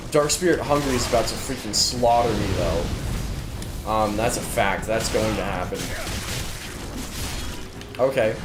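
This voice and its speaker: Chatty tired male game streamer, roomy. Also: medium pitch. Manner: chatty, self-deprecating, repeats phrases. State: tired, yawning. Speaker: gaming streamer. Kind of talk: casual let's-play commentary. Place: room at a gaming desk with monitors. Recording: roomy sound with background noise.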